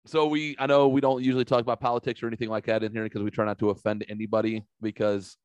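A man hosting a casual podcast, telling stories in a lively, profane way and acting out the quotes. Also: on the low side, racing, smooth, dry recording, dull audio. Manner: animated, profane, acts out quotes. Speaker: podcast host. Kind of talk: casual storytelling chat.

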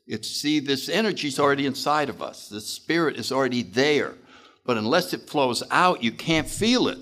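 A man speaking at a recovery meeting, telling stories in an animated way and acting out voices. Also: mid-range voice, moderate pace. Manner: animated, acts out voices, laughs often. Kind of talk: recovery talk storytelling.

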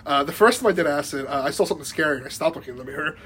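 Casual podcast story, chatty young guy, high pitch, keeps restarting, light background hiss. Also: rapid-fire, sharp tone. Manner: rambling, lots of likes and restarts, laughs mid-story. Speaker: podcast guest.

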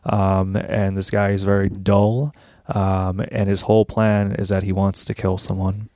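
A man's voice: low-pitched, level tone, measured pace, mellow, no echo, studio quality. A man co-hosting a podcast, chatting casually in a laid-back, rambling way with lots of ums. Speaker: podcast co-host, comedian. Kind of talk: casual chat.

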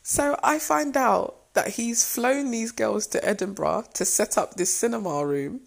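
A young woman casually telling a personal story, lively and full of fillers, often jumping into a squealing high voice to act out what was said. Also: unhurried, creaky. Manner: animated, many fillers, acts out quotes in a squealing high voice. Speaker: storyteller recounting her proposal.

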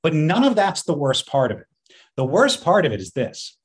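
A man co-hosting a podcast in casual chat, telling stories in an animated way and laughing often. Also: on the high side, normal speed. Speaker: podcast co-host.

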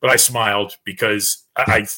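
A man who worked in law enforcement, talking on a panel show and telling a story with lively acted-out quotes. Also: lowish voice, normal speed, a crowd in the background. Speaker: retired police officer panelist. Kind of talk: casual roundtable discussion.

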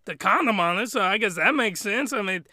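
A man's voice: high-pitched, expressive, a little fast, bright, forceful tone, no room sound, studio quality. A man giving a crude, rambling and exasperated comedic recap of an anime. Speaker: anime reviewer.

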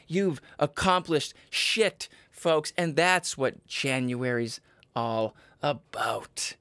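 A man hosting a comedic podcast, giving mock-motivational advice in a profane, ranting way that jumps into sudden squeaky jabs. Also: expressive, extremely slow, pauses often, pushed and bright, clean tone, no room sound. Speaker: podcast host.

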